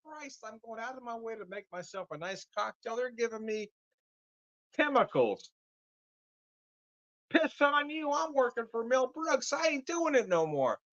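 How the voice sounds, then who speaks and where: A man's voice: very high-pitched, sing-song, unhurried, pauses often, fairly bright tone, no echo. Profane ranting man, dull lo-fi sound. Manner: profane, laughing ranter. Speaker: whiskey vlogger. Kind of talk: casual rant to camera.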